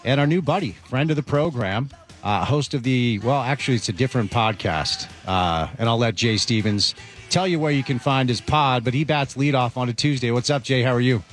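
A man's voice: medium pitch, fairly quick, faint music behind. A man hosting a sports radio show, talking loosely and casually, with frequent restarts.

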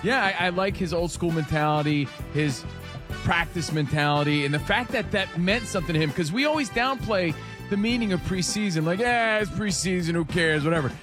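A man's voice: high voice, a little fast, over music. A man co-hosting a sports radio show, talking in an upbeat, emphatic way. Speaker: radio co-host. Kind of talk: casual sports radio chat.

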